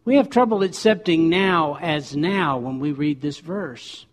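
A man's voice: on the high side, unhurried. A man preaching a sermon, emphatic and repeating key words for stress.

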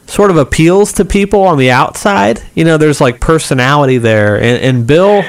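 A male host with a smooth, resonant voice sitting slightly higher than most men's, asking reflective questions in a casual chat. He hedges with fillers as he works his thoughts out. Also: animated, moderate pace.

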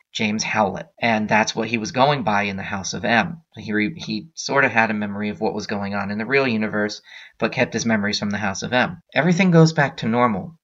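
A man's voice: lowish voice, fairly bright tone, muffled recording. A man hosting a podcast, casually retelling a comic storyline with frequent fillers and restarts. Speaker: podcast host.

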